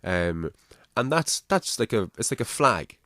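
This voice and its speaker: A man with a Navan Irish accent talks casually as a podcast host, cursing and restarting as he thinks out loud. His voice sits very low. The sound is dry and close, with no room behind it. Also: very animated, measured pace, no echo. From Ireland.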